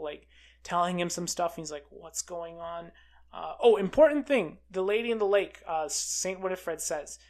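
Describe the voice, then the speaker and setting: A film reviewer recapping a movie in a casual, excitable way, full of fillers like "uh" and "like". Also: mid-range voice. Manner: chatty and excitable, with many fillers like "uh" and "like".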